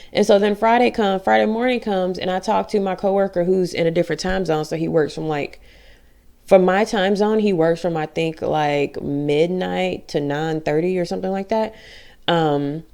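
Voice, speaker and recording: A woman's voice: medium pitch, darkish tone. A woman talking candidly in a personal vlog, blunt and frequently swearing, acting out the things people said to her. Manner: blunt, frequent swearing, acts out quoted dialogue. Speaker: vlogger.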